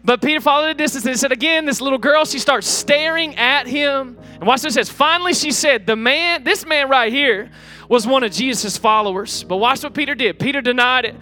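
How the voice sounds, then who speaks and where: High, bright-voiced energetic pastor. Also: male voice, brisk, soft background music. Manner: energetic, joking with the congregation. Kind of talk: sermon. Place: church auditorium with live congregation.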